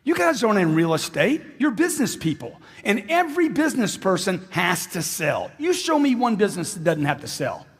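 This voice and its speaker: A man's voice: high-pitched, very animated, a little fast, hardly any pauses, slightly rough. A man giving an emphatic motivational stage speech, repeating lines for effect and firing questions at the crowd. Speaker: motivational speaker. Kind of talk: live stage speech to an audience. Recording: long hall reverb.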